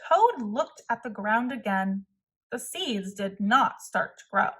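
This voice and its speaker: A woman narrating a storybook read-aloud for children, reading slowly and deliberately. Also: mid-range voice, expressive, fairly bright tone, slightly rough.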